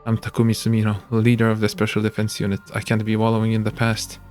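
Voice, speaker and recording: A man streaming a visual novel, reading the narration aloud in a steady voice with small slips. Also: on the low side, fast, faint music behind.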